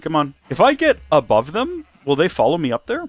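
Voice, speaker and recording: He's a Minecraft channel host doing a let's play, pitch a touch high but swinging wildly, pace brisk, with no room sound. The delivery is a playful mock-presenter act full of rambling self-corrections.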